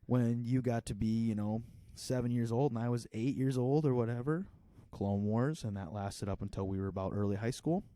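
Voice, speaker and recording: A man's voice: mid-range voice, normal speed, warm tone, dry recording. A man in his twenties co-hosting a podcast in a casual, rambling chat full of filler words. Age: 20s. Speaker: podcast co-host.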